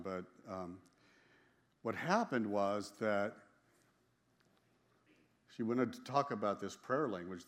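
A man sharing a personal religious testimony in a casual, storytelling way, emphatic and quick to laugh, often repeating and restarting his phrases. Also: fairly low pitch.

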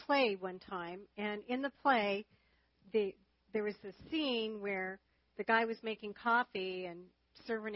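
A woman's voice: mid-range voice, no echo, lo-fi sound. A woman chatting and telling stories during a church marriage lesson shared with her husband. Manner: chatty, storytelling. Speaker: marriage teacher, co-host with husband.

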